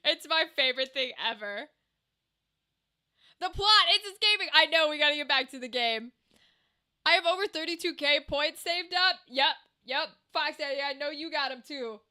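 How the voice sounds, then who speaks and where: A woman's voice: high voice, normal speed, bright, forceful tone. A woman streamer chatting casually with her live audience, swearing freely and laughing often.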